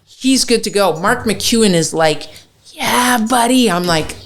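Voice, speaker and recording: A woman chef with a fairly low voice and moderate pace tells an animated story as a guest in a casual podcast chat. She swears freely and acts out what people said.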